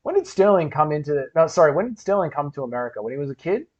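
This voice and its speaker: In dull, lo-fi stream audio, a livestream host with a slightly high voice races along, his pitch swinging widely. His casual stream is loose and rambling as he reads comments and swears a lot.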